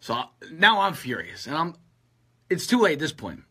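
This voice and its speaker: Husky, bright-voiced man telling a story. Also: fairly high pitch, normal speed. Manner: animated, acts out friends' lines. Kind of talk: casual storytelling.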